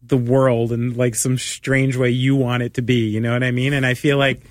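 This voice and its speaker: A man's voice: mid-range voice, level tone, moderate pace, dry recording, clean studio sound. Rambling man in casual chat. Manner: rambling, lots of "like".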